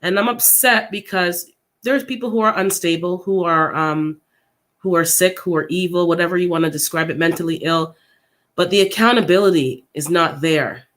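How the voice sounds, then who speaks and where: A man hosting a casual livestream for his viewers, upset and unsettled, who thinks out loud in a halting way and often repeats his words. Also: sits high. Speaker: gardening channel host.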